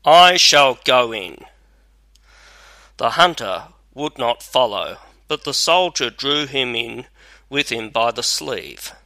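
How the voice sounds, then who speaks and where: A man narrating a fairy tale in a measured, even reading. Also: medium pitch, vocal fry, no echo. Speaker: storyteller.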